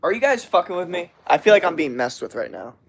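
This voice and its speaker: A young man hosts his own live stream, talking straight to viewers in a loose, profanity-laced rant. His voice sits a bit high for a man, and he swears freely as he vents and then drifts back into easy, casual chatter. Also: very animated, fast, gravelly, breathy edge. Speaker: livestreamer. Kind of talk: casual livestream chat.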